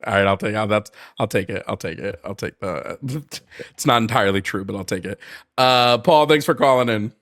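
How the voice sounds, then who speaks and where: A man's voice: lowish voice, moderate pace, fairly bright tone. Chatty male live-stream host. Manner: loose and chatty, lots of ums and restarts. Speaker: host of a call-in debate stream. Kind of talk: casual live-stream talk.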